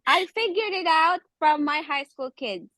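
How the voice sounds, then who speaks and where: Filipino woman with a Bisaya accent, high and bright, animated storyteller acting out her students, dry close call audio. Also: measured pace, no echo. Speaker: teacher and guest speaker. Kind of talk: casual video call chat. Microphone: video call.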